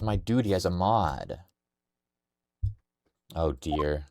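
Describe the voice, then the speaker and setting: Young man, game streamer, low voice, lively up-and-down delivery, noisy mic, clicks. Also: moderate pace, long pauses. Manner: rambling, playful, reading lines aloud. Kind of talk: casual game-playing commentary.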